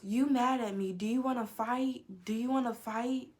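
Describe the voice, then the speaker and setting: A woman's voice: a little high, steady tone, moderate pace, a little mellow, pitched above the performer's own voice, lightly acted. Woman quoting a frightened roommate hearing voices. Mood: confrontational. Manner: pleading, repetitive.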